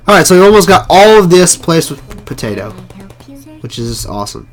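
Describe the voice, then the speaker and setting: A hoarse man with a sore, rough throat, muttering casual commentary while he plays a game live. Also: medium pitch, very animated, fast. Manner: mutters to himself while playing, frequent swearing. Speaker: game streamer.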